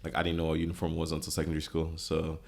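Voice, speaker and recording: A young man from Ireland chats loosely on a podcast in an extremely low voice. His sound is heavily gravelly and rough with fry, and he rambles on with the odd swear. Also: monotone, racing, darkish tone, slight background noise. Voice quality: very deep gravelly voice. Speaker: podcast co-host. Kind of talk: casual chat.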